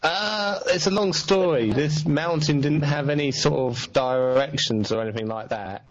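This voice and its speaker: A man's voice: fairly high pitch, normal speed. A man calling into a radio show, telling a rambling story with some hesitation. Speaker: caller and quiz contestant. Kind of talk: casual phone-in chat. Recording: dull, muffled call audio.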